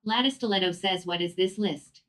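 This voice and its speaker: A woman's voice: mid-range voice, moderate pace. Synthetic woman's voice reading chat. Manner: even, mechanical delivery. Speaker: text-to-speech chat reader.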